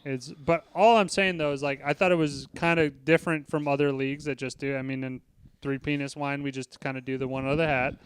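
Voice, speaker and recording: A man co-hosting a casual sports and music podcast, talking in an animated way, swearing, and acting out what other people said. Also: mid-range voice, a little fast, clear, resonant tone, no room sound. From Chicago. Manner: animated, swearing, acts out quoted lines. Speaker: podcast co-host. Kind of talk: casual chat.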